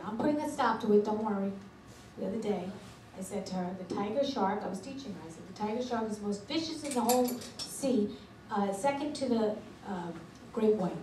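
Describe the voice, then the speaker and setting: A middle-aged woman doing a stand-up comedy routine, delivering brash, deadpan one-liners in a comedy club. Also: medium pitch. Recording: echoey club from far off with noise.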